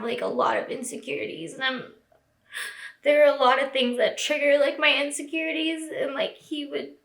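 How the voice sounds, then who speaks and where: Tearful young woman, bright echoey voice. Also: fairly high pitch. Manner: tearful, lots of "like" fillers. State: crying. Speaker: vlogger. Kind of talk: emotional personal vlog. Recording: echoey room.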